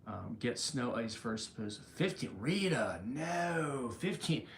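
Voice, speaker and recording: A man's voice: medium pitch, animated, slow, creaky, a bit bright, echoey room, a little hiss or hum. A man hosting a casual livestream, greeting viewers by name while out of breath and rambling through restarts. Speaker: livestream host.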